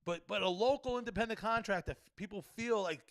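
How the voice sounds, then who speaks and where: A man's voice: sits high, quick pace, fairly bright tone, no room sound. A young man, hosting a solo podcast and ranting profanely, peppering his talk with "you know what I mean". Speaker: podcast host.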